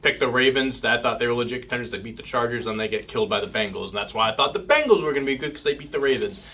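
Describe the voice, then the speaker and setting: A man's voice: medium pitch, animated, rapid-fire, pushed and bright, a little hiss or hum. A young man co-hosting a casual sports betting podcast, rambling and self-mocking while he eats. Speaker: podcast co-host.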